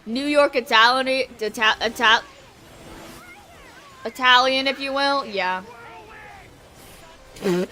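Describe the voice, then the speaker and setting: A young woman streaming games live, chatting casually, excitable and swearing freely, often bursting into shouts. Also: high-pitched, slow, pauses often. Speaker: VTuber streamer.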